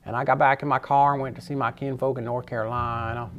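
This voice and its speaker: A man recounting the words of a plain-talking old Southern man in a slow, matter-of-fact way. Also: mid-range voice, little pitch movement, slight background noise, close to an everyday voice.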